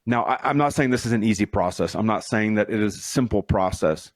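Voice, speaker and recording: A man's voice: fairly low pitch, animated, brisk, no room sound, studio quality. A middle-aged man hosting a solo podcast as a leadership coach, telling stories in an earnest, motivational, conversational way.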